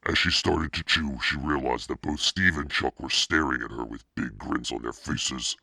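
A man reading a children's story aloud in a steady, expressive narration. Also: very deep voice, moderate pace, slightly rough, dry recording, studio quality. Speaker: audiobook reader.

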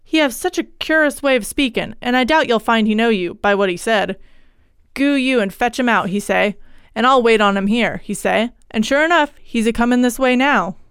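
Storybook bit: woman voicing a plain-spoken rustic boatman, crisp and dry. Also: fairly high pitch, normal speed, fairly bright tone, no room sound. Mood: uneasy. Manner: country dialect speech. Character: rough rustic male boatman, blunt.

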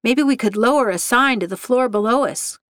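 A woman's voice: fairly high pitch, moderate pace, a bit bright, dry recording, clean studio sound, close to an everyday voice. A woman voicing Kim, a frightened woman researcher who sounds urgent and pleading. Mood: anxious.

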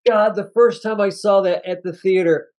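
A man's voice: high-pitched, fairly even intonation, moderate pace, a little mellow. A man co-hosting a movie review podcast, chatting casually and acting out scenes from the film with laughter. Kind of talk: casual chat.

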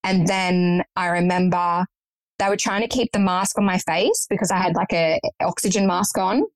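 A woman's voice: lowish voice, steady tone, normal speed, no echo, rough recording. A young woman guest recounting a personal story in conversation, earnest and matter-of-fact.

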